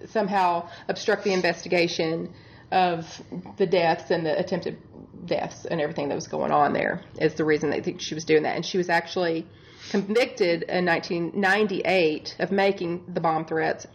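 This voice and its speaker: A woman's voice: on the low side, highs cut off. A woman who works as a bedside nurse, co-hosting a casual true-crime chat and telling the case with exasperated humor and frequent laughter. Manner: chatty, exasperated, laughs often. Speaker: podcast co-host.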